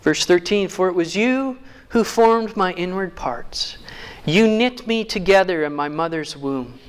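A man with a fairly high voice preaching a sermon. He reads scripture in slow, weighty phrases and then slips into easy, joking asides. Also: clean tone. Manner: reads scripture slowly, then jokes warmly with the crowd.

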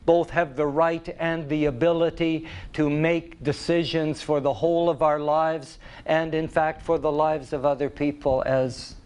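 Slow, deliberate male preacher. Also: a little high, level tone, darkish tone, clear, resonant tone. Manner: deliberate, emphatic, repeats key phrases. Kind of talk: sermon.

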